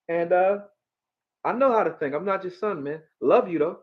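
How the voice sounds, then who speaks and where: A man from Philadelphia with a Philly accent, hosting a live football stream, profane and animated, talking back to his chat. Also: sits high, moderate pace, narrow, tinny audio. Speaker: sports streamer.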